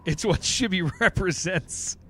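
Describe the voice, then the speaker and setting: A man's voice: high voice, a little slow, pushed and bright, slight background noise. A man streaming a game, chatting casually and emphatically with his viewers and answering their messages as he goes. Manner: rambling, emphatic, reacts to chat messages.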